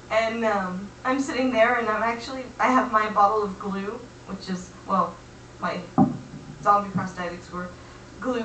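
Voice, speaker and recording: Young woman telling a funny story, bright voice, far from the mic, echoey room. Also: mid-range voice, a little hiss or hum. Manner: animated, acts out quotes, chatty fillers. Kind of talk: casual comic storytelling.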